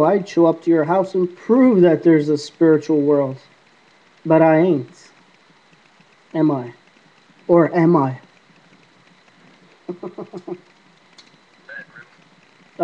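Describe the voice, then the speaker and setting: Rambling vlogger man who talks back to invisible spirits, mellow voice, dull lo-fi iPod sound. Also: a little high. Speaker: paranormal app vlogger. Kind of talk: casual rambling monologue to camera. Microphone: iPod camera mic.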